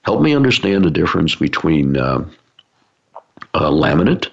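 A man's voice: a bass voice, very animated, moderate pace, creaky, breathy edge. A man giving an explanatory talk to a business audience, using everyday analogies with frequent fillers. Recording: dull lo-fi recording.

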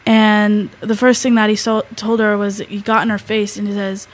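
A teenage girl co-hosting a talk show, telling a story in a halting way, with many fillers and restarts. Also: mid-range voice, little pitch movement, low-quality recording. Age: teens. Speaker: co-host. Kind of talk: casual storytelling.

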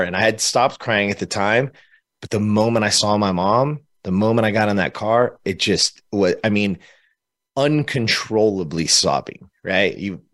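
A man from California, a podcast guest, tells an emotional personal story in a fairly low voice, animated and laughing between phrases.

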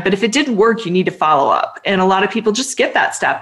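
A woman's voice: medium pitch, sing-song, fast, few pauses, a bit bright. A woman veterinarian chats casually on a podcast. She talks at length and with firm emphasis, pressing advice on pet owners in a mid-range voice. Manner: talkative, emphatic, advice-giving.

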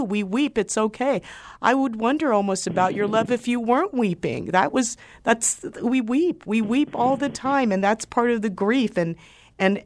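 Woman talk radio host, lower voice, expressive and conversational.

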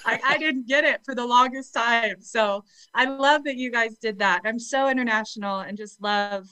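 A woman's voice: fairly high pitch, moderate pace, bright, forceful tone, clear, resonant tone, no echo, rough recording. A woman chatting as a guest over a video call, bubbly and laughing often. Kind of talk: casual chat.

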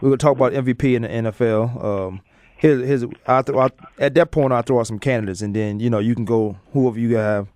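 A man's voice: medium pitch, fast talker, darkish tone, no echo. A man hosting a live sports talk show, chatting loosely and joking, with lots of fillers and restarts. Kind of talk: casual sports radio chat.

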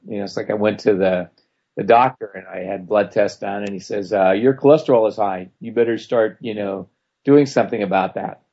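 A man's voice: lowish voice, breathy edge. A man in casual conversation, telling wry anecdotes and acting out the people he quotes. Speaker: co-host. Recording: dull lo-fi sound.

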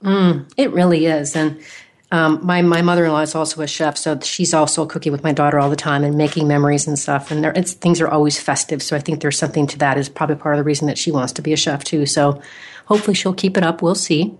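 A woman hosting an interview, telling a personal story in a lively, animated way. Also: sits low, fast. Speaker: podcast host.

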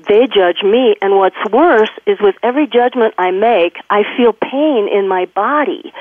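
A woman guest who is a veterinarian and author, telling stories in a lively conversational way, laughing often and acting out what others said. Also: mid-range voice, dry recording. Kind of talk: animated conversational storytelling. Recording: tinny phone line, dry.

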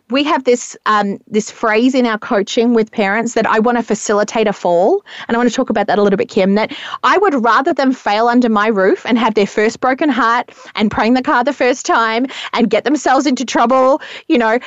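A woman's voice: on the high side, no echo, lo-fi sound. A woman parenting coach explaining her methods in casual podcast chat, earnest and often tagging "right?" onto points. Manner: earnest, explanatory, frequent "right?" tag questions.

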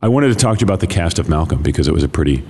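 Deep slightly gravelly male radio host. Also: animated, racing, darkish tone. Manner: rambling, chatty, with many restarts. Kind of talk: casual interview chat.

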